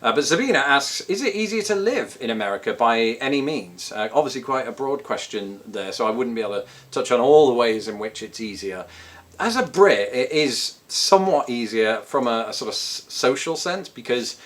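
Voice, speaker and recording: A man's voice: mid-range voice, animated, normal speed, a bit bright. A British man with a British accent, chatting casually to camera as he answers viewer questions with joking, self-deprecating asides. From Britain.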